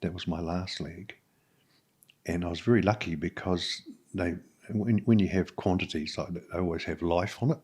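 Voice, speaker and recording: A middle-aged man with a New Zealand accent, a podcast guest telling his own story frankly, in halting speech full of fillers and restarts. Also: low voice, darkish tone, slightly rough. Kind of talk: candid personal storytelling.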